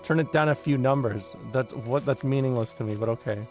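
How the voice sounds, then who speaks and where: A woman with an extremely low, mellow voice chats casually on a livestream from home, talking fairly quickly. She rambles, swears and keeps interrupting herself with laughter. Soft music plays in the background.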